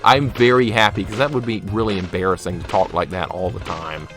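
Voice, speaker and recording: A man's voice: lowish voice, fairly even intonation, fairly quick, a bit bright, soft background music. A man with a mild Arkansas Southern accent, casually chatting with viewers and laughing often while streaming a game. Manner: chatty, reads chat aloud, laughs often. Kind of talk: casual live-stream chat while gaming.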